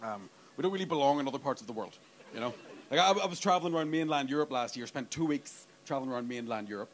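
A man in his thirties with a Northern Irish accent doing a stand-up comedy set, talking animatedly, swearing freely and bursting into loud mimicked voices. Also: mid-range voice, lively intonation, fast. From Northern Ireland. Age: 30s. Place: comedy club stage.

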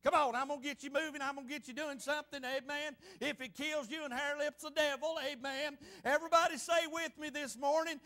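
A man pastor delivers an impassioned sermon in a church, his voice pitched unusually high for a man. He presses each point with frequent amens. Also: fairly even intonation, brisk, hardly any pauses, sharp tone. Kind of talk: fervent sermon.

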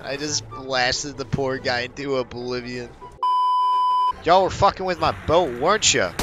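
A man's voice: mid-range voice, measured pace, loud music behind the voice. A young man giving casual, profane commentary while playing a video game, reacting aloud to everything on screen. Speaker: gaming streamer.

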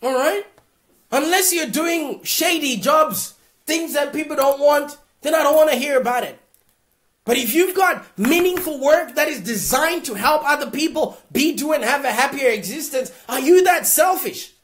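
A woman with a high voice hosts a live Q&A advice show. She speaks bluntly and with force, often pushing her voice close to a shout. She keeps checking in with her listeners. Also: moderate pace. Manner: blunt, emphatic, often raising voice to a near shout; keeps checking in with "all right?". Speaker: host.

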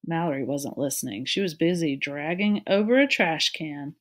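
A woman reading a children's novel aloud, narrating in a clear, steady storytelling manner. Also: deep voice, moderate pace. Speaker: reader.

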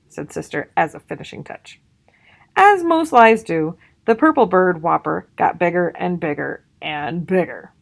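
A woman reading a children's picture book aloud, expressive and lively in her pitch. She takes her time, and her voice has a gravelly edge. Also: measured pace. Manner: expressive, storytelling. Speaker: storybook reader. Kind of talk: children's read-aloud narration.

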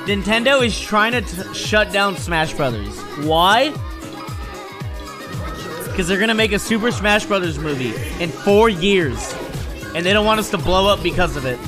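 A man in his thirties streaming, telling stories in casual, profane chat and yelling at the game he plays. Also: sits high, normal speed, over music. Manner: profane, animated storytelling, yells at the game.

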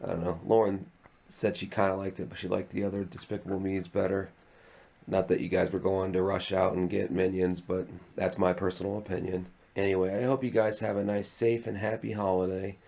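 A man filming a casual home vlog, chuckling and gently soothing his frightened dog. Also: sits low, flat delivery, fairly quick, creaky. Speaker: vlogger. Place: home indoors.

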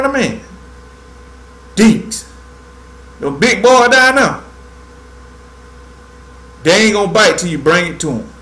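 A man's voice: sits high, a bit bright, echoey room, low-quality recording. A man hosting a fishing livestream, talking in a laid-back, drawling way and dropping "man" into nearly every sentence. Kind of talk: casual livestream tutorial.

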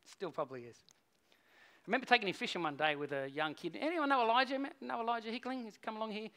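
A middle-aged man, preaching a sermon as a pastor and telling a story, swinging between hushed and loud. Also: high-pitched, fast talker.

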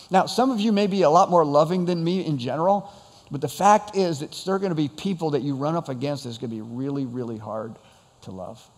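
A man's voice: a little high, gravelly, darkish tone, in a large hall. A man preaching a conversational sermon to his congregation, asking rhetorical questions. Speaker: pastor.

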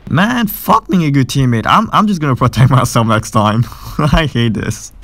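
Excitable young man yelling over gameplay. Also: mid-range voice, moderate pace, a little hiss or hum. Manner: excitable, swearing, trash-talking. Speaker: gaming video creator. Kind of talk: gameplay commentary. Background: game music.

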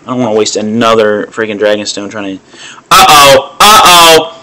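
A man's voice: fairly low pitch, level tone, fast talker. A man crudely commenting to himself, with plenty of swearing, while playing a mobile game. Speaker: gamer.

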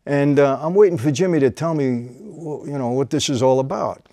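A man tells a gripping story from his own life in easy conversation. His voice sits at a middle pitch and often sinks low and quiet as the tension builds. The recording is close and dry, in a studio setting. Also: moderate pace, no room sound. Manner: vivid storytelling, drops to a low quiet voice for tense moments. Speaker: host telling a personal story.

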